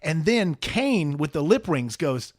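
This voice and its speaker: A man co-hosting a podcast tells a story with an expressive voice that climbs and drops widely and sits a little high. He acts out what people said and laughs often. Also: slow. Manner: animated, laughing, acts out quotes with swearing. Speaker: podcast co-host. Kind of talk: casual storytelling chat.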